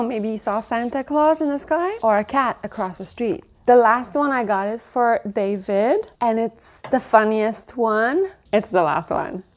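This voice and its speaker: A woman in her thirties talks slowly and unhurriedly through a home haul, her voice sitting a little high. She gushes over each item and slips into a high cooing baby voice at the cutest ones. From Canada. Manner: gushing, coos in a high baby voice at her dog and cute mugs. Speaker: vlogger. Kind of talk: casual show-and-tell haul.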